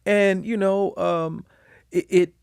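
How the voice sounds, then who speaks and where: Animated man telling stories on a podcast. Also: takes it slowly, vocal fry, smooth, no echo, clean studio sound. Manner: animated storyteller, lively swings in pitch and volume. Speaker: guest. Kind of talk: candid conversational interview.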